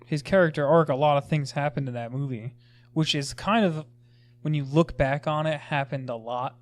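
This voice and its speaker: A man co-hosting a casual movie review chat, chiming in with quick agreement and opinions. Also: a little high, no echo. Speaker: podcast co-host.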